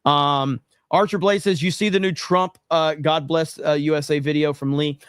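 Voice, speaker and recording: Male streamer reading super chats, joking and fed up, raised pitch, dry mic. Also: steady tone, moderate pace, clear, resonant tone, no echo. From United States. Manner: profane, exasperated, joking. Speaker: livestream host. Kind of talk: casual livestream chat reading super chats.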